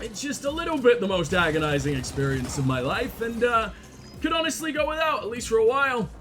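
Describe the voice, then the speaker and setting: High-voiced man, crude joking game commentary. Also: sing-song, a little fast, faint music behind. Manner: crude, joking banter with frequent laughs and sudden shouts. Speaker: gaming video host. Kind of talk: let's play commentary.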